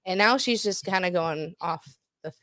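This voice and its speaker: A woman's voice: on the low side, normal speed, pushed and bright, dry recording. A woman co-hosting a podcast, talking in a rambling, chatty way. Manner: chatty, rambling, laughs often. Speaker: podcast co-host. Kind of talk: casual chat.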